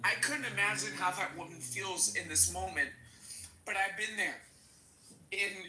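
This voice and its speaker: A woman's voice: mid-range voice, sharp tone, reverberant, slight background noise, rough recording. A woman speaking as a panel guest, tearful and pleading, her voice breaking as she repeats herself. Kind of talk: emotional panel talk.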